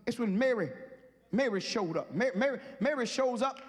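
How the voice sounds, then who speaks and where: A man a sermon in a church, building from quiet storytelling into a chanted whoop punctuated by huffed breaths. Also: very high voice, animated, normal speed. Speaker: preacher. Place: church sanctuary. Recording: music behind, long hall reverb.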